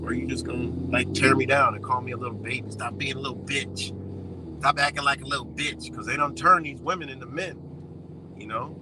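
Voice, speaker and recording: A man's voice: medium pitch, background noise. A man with a Western New York accent ranting casually to camera, blunt and profane, rambling with lots of fillers.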